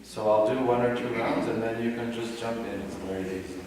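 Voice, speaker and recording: A man giving a devotional talk as a meditation teacher, soft-spoken and unhurried, explaining and leading chants. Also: mid-range voice, fairly even intonation, noisy background. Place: yoga retreat hall. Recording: echoey hall from far off.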